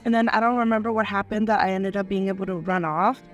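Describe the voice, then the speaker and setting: A woman telling her own life story in an unscripted interview, speaking in a halting, earnest way full of small fillers. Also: medium pitch, steady tone, lo-fi sound, faint music behind. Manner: halting and earnest, many "like" and "you know" fillers. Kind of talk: personal testimony, unscripted.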